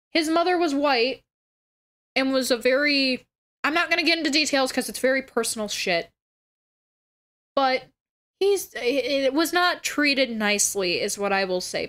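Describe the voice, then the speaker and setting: Woman streamer rambling at home, swears a lot, blunt, kinda high voice. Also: fairly bright tone. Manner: blunt, crude, swears freely. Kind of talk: casual livestream chat.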